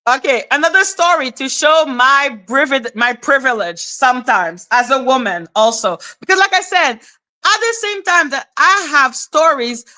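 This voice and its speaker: A woman hosting a casual livestream chat, animated and casual, checking in with viewers with "okay?", laughing often and swearing casually. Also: high voice, moderate pace. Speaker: livestream host.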